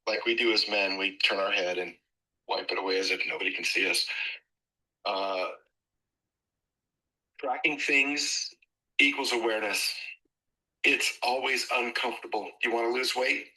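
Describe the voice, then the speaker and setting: A man's voice: lowish voice, normal speed, long pauses, sharp tone, low-quality recording. A man on an online group call giving blunt, punchy business coaching advice.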